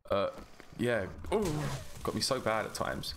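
Chatty man, low voice. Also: big pitch swings, background noise. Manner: rambling, chatty, quick to laugh. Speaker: gaming YouTuber. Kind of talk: casual gameplay commentary.

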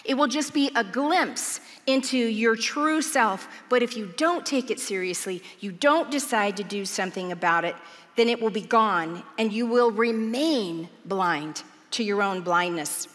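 Earnest woman preacher, lively storyteller, sermon in a big reverberant church. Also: a little high, unhurried. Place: large church auditorium.

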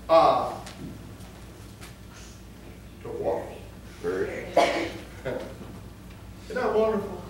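A man pastor preaching a sermon, telling funny stories and then breaking into emphatic, shouted points. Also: high voice. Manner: humorous storytelling that rises into emphatic preaching. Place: church sanctuary. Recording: echoey church from far off.

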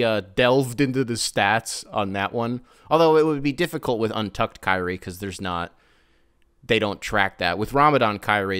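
A man's voice: medium pitch, fairly bright tone, smooth, dry recording, clean studio sound. A man hosting his own podcast alone, talking in a chatty, digressive, self-mocking way. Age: adult. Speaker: podcast host. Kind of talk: casual solo podcast monologue.

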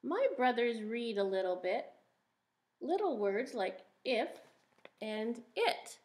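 Brief: woman teacher, fairly high voice, slow and sing-song, reading to little kids. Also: lively intonation. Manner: sing-song, stretches and stresses single words; gentle questions to the children. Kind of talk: reading a picture book aloud to young children.

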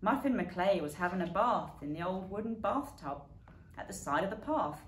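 A woman reading a rhyming bedtime story aloud as a lively storyteller who yowls and barks the animal sounds. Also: mid-range voice, moderate pace. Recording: echoey room with faint background noise.

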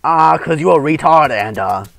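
Male gaming commentator, gravelly, bright, crude trash-talker. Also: a little high, animated, moderate pace, dry recording. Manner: crude trash-talking, swears and yells. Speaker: gamer co-host. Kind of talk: gameplay commentary.

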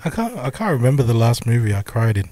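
Laid-back slangy man, mid-pitched. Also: very animated, fast, dark tone, a little hiss or hum. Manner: laid-back, slangy, says bro and dude. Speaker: podcast co-host. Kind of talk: casual chat.

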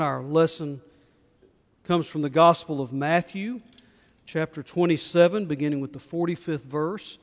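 A man leading a prayer and reading scripture aloud in church, measured and solemn with rising emphasis. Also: on the high side. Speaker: pastor. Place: church sanctuary. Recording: long reverb of a church hall.

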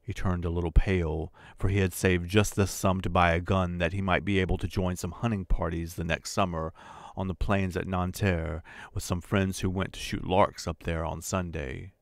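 A man with a very low voice reads a classic story aloud, measured and deliberate. The recording is dry and close, with no room sound. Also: little pitch movement, gravelly, no echo. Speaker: audiobook narrator. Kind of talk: scripted literary narration.

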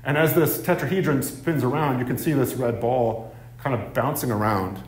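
A male professor gives a seminar lecture in an echoey university seminar room, his medium-pitched voice at normal speed. He says "um" often and keeps checking in with "right?"

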